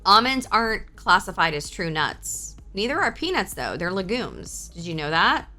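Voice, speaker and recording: Excitable, foul-mouthed woman streamer. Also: medium pitch, moderate pace, faint music behind. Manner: profane, excitable, reacts to chat aloud. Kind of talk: casual live-stream chat.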